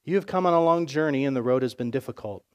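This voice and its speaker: A man voicing a kind, calm king who speaks softly and reassuringly. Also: medium pitch, fast talker, smooth, lightly acted. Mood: gentle. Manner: soft, gentle, reassuring.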